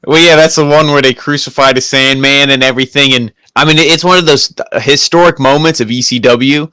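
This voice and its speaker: A man's voice: mid-range voice, fairly even intonation, brisk, sharp tone, smooth, no echo, rough recording. A man from Pennsylvania, co-hosting a casual review chat in a laid-back way and acting out quoted lines. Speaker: podcast co-host.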